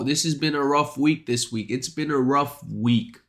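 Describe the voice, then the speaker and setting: A man's voice: mid-range voice, normal speed. A man livestreaming while sick with a blocked nose and short of breath, chatting casually in a rambling, profane way and often stammering and repeating himself. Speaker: streamer.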